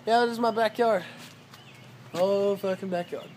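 A vlogger rambling casually at home and in the backyard, swearing constantly, with drawn-out fillers, filmed on a handheld camera. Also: medium pitch, fairly even intonation, darkish tone, slight background noise. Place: home and backyard, walking around.

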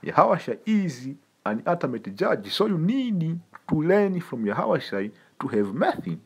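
A man gives a loose, streetwise sermon, his husky voice rising and falling with lively swings in pitch. He hammers points home by repeating them and keeps turning to the listener with a casual "man". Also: a little slow. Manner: emphatic, repetitive, streetwise, addresses listeners as man. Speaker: preacher. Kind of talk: informal sermon teaching.

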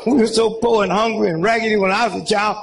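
This is a comedian in his seventies doing folksy, rambling stand-up storytelling for a live crowd, often dropping asides such as "huh?" and "you know what I'm saying?". He has a high, gravelly voice, and heavy background noise runs under the clip.

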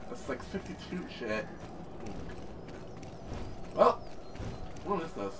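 Loud hammy young man gaming. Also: a little high, very animated, takes it slowly, heavy background noise. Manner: hammy, shouting catchphrases and swearing. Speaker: gameplay streamer. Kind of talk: loud gameplay commentary. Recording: distant mic with game music behind.

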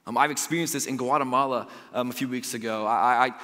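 Male pastor, lively storytelling sermon, tense bright tone, long hall echo. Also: medium pitch, fast talker. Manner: animated storytelling with frequent "like" fillers. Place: church sanctuary.

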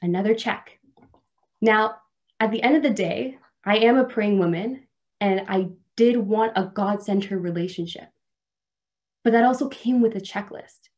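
A woman's voice: mid-range voice, measured pace, darkish tone. Woman preaching a story-filled sermon. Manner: conversational, self-deprecating humor. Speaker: guest speaker at a church service. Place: church.

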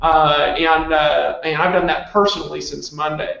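A man leading a members' call, pushing listeners to act now in an insistent, repetitive motivational sales pitch. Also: little pitch movement, moderate pace, vocal fry, pushed and bright, roomy sound, lo-fi sound. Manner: insistent, urgent, heavily repetitive. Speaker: company leader on a members' call.

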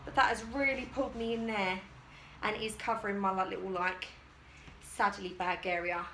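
A woman with a mid-range, pushed and bright voice talks at normal speed with fairly even intonation as she tries on swimwear for her vlog, giggly and self-deprecating. She sounds distant, speaking from across an echoey room with a little hiss or hum.

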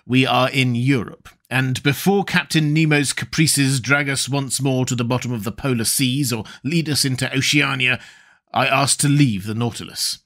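A man's voice: medium pitch, normal speed, fairly bright tone, close to an everyday voice. A man doing a blunt Canadian harpooner. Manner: plain-spoken, direct.

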